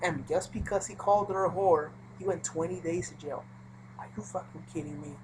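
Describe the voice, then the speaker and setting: Low-voiced woman rambling. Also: fairly quick, noisy background. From Puerto Rico. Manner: rambling, with many fillers and asides. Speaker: vlogger. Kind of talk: casual storytelling monologue.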